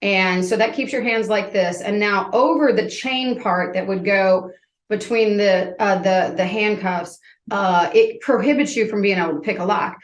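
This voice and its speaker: A woman's voice: medium pitch, normal speed, reverberant. A woman in her fifties telling her story as a podcast guest, vividly acting out scenes as she goes.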